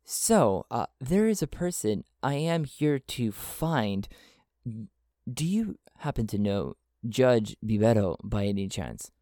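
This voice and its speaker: A man's voice: medium pitch, big pitch swings, slow, mellow, dry recording, clean studio sound. A man voicing a polite, formal male traveler in a solo tabletop game. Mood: inquiring. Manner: formal, courteous.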